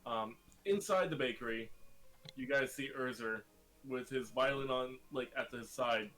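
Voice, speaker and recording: A man's voice: medium pitch, measured pace, fairly bright tone. A man narrating as game master of a tabletop game, describing scenes loosely with fillers.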